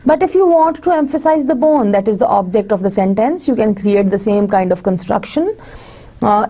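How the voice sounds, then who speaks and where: A woman delivers a recorded university lecture. Her voice is mellow and dark in tone. She walks through each example patiently, pausing on fillers and restarting phrases as she goes. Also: mid-range voice, expressive. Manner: explains step by step with frequent fillers and restarts, slips into Hindi-Urdu asides.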